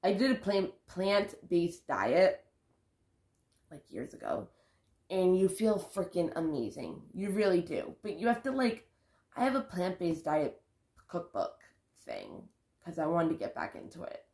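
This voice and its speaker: A woman's voice: lowish voice, very animated, measured pace, darkish tone, echoey room. A woman talking casually to her vlog camera about spiritual growth, rambling and correcting herself as she goes. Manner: rambling, self-correcting, sighs and laughs. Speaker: vlogger.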